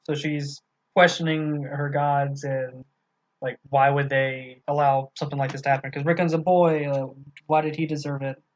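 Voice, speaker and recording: A man's voice: on the high side, level tone, moderate pace, muffled recording. A man co-hosting a casual book discussion podcast, talking loosely with some swearing and reading quoted passages aloud. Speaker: podcast co-host.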